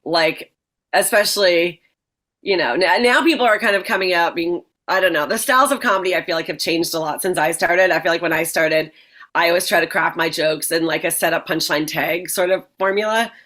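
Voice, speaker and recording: A woman's voice: fairly low pitch, brisk, fairly bright tone. A woman in her forties, a stand-up comedian, chatting casually as an interview guest, laughing often and swearing freely. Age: 40s.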